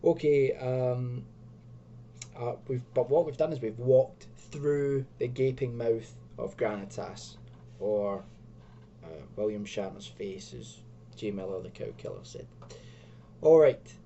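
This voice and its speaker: Male host, casual self-mocking gamebook reader, mellow dark tone, lo-fi sound. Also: mid-range voice, steady tone, a little slow, slight background noise. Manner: chatty, self-mocking asides. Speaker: video host. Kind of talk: reading and commenting on an adventure gamebook.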